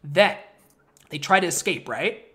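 A man co-hosting a casual movie review podcast, ranting in an animated, worked-up way. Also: a little high, unhurried. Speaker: podcast co-host.

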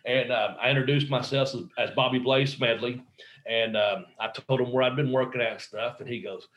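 A man's voice: medium pitch, steady tone, a little fast, a bit bright, highs cut off. Rambling male wrestler telling stories. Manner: rambling, acts out quoted voices; frequent fillers and restarts. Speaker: professional wrestler guest. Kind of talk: casual anecdotal storytelling.

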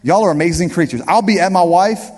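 High-voiced man preaching in a reverberant hall. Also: quick pace, darkish tone. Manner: emphatic preaching, repeats key phrases, addresses the crowd directly. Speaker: pastor. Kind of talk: sermon.

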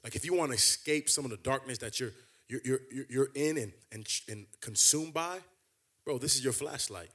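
A man preaching a sermon in a conversational way, repeating phrases and building to loud, emphatic peaks. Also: normal speed. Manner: impassioned, builds to loud high emphatic climaxes.

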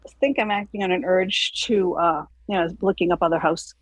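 A woman calling in with a question, out of breath, talking in a hesitant, rambling way with many pauses. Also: fairly low pitch, husky, no echo, low-quality recording. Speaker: caller. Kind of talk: casual question on a call.

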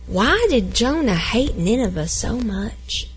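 A middle-aged woman pastor preaching a sermon, reading scripture and acting out the characters with animated storytelling. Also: a little high, takes it slowly, faint music behind, poor audio. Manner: animated storytelling, acts out grumpy Jonah.

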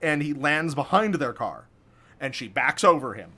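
Chatty man, a bit higher voice. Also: big pitch swings, normal speed, bright, forceful tone. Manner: chatty, amused, laughs often. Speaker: podcast co-host recapping a film. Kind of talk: casual chat.

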